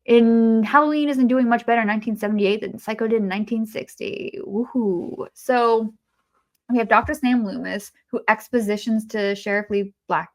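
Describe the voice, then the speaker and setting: A woman's voice: fairly high pitch, steady tone, normal speed. A woman hosting an opinionated video essay who talks bluntly and sarcastically in an informal way.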